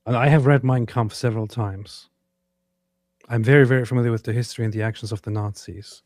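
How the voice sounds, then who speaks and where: A man's voice: mid-range voice, fairly even intonation, a little fast, darkish tone, dry recording, studio quality. A man co-hosting a casual reaction show, talking in an emphatic, sarcastic way. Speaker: co-host.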